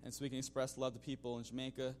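A man speaks to his congregation at a mid pitch in an easygoing, conversational testimony. He keeps stopping on "you know" and starting again, and lets out a small chuckle now and then. Soft music sits faintly behind him. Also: monotone, very fast. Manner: conversational, full of "you know" fillers and restarts. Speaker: church member giving a mission-trip testimony.

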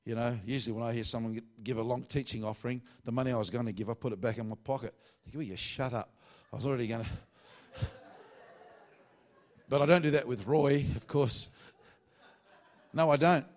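A man's voice: mid-range voice, steady tone, a little fast, long pauses. A man preaching a sermon at a church meeting with an audience. He speaks in a chatty, self-mocking way, full of joking asides.

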